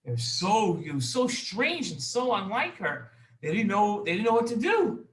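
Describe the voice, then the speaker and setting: A man hosts a children's show and tells a story in an upbeat, reassuring way. His voice sits high and sounds bright. The room adds a noticeable echo. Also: very animated, normal speed. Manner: upbeat, reassuring, talks to kids. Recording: echoey room.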